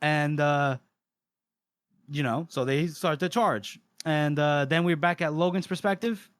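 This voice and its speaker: Male podcast co-host, animated storyteller, a bit high, dry close sound. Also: unhurried, clean tone, no room sound. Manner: animated retelling, acts out the characters' lines. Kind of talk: casual chat recapping a book.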